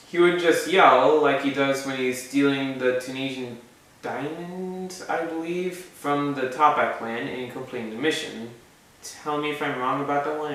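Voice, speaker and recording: A man's voice: mid-range voice, a bit bright. A man casually explaining a fan moveset idea in a rambling way, with frequent asides and self-corrections. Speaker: video maker presenting a fan moveset idea. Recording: very echoey room, mic far off.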